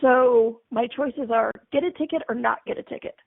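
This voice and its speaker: A woman's voice: a little high, moderate pace, creaky, husky, phone-quality sound. A woman doing a flustered, fretting mother. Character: flustered mother driving, fearing a ticket.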